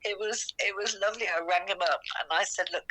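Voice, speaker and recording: A woman's voice: mid-range voice, a little fast, sharp tone. An older British woman on a phone call to her daughter, telling a long story in a chatty, emotional, rambling way. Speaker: podcast host's mother on a phone call. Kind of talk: excited phone chat. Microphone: phone call recording.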